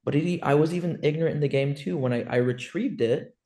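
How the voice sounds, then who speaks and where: A man hosting a casual podcast chat, telling a story with lively back-and-forth as he acts out both sides of the talk. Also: on the high side, fast.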